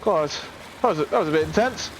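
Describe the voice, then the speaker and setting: A young British man casually commenting while he plays a game, chatty and excitable, often laughing. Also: on the high side, fast talker, a little hiss or hum. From Britain. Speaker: streamer.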